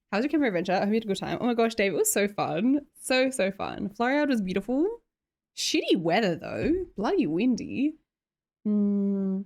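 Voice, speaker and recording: A woman's voice: mid-range voice, expressive, normal speed, a little mellow. Giggly Australian woman streamer. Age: young adult. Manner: giggly, chatty, reads chat aloud. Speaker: live streamer. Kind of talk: casual livestream chat.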